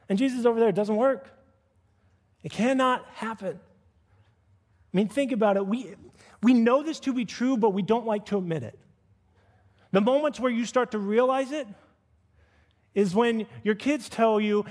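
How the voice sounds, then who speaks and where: A middle-aged man preaching a sermon as pastor, acting out quoted voices with animated swings of pitch. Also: moderate pace. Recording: long reverb of a church hall.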